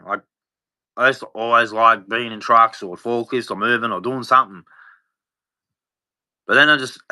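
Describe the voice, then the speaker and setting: Brief: man, livestream monologue, bright forward tone, halting, restarting, worn down. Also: mid-range voice. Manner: halting, rambling, with frequent restarts; weary and despondent. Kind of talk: unscripted personal monologue.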